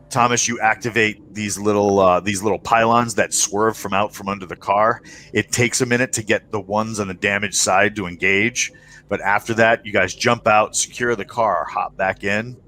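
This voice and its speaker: A man's voice: lowish voice, steady tone, unhurried, bright, forceful tone, slight background noise. A man narrating a tabletop game as game master on a live stream, rambling with many fillers and restarts.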